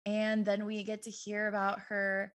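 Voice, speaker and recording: A woman in her twenties co-hosting a podcast, chatting casually with laughs and quick asides. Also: medium pitch, completely flat delivery, a bit bright. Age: 20s. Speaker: podcast co-host. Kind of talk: casual chat.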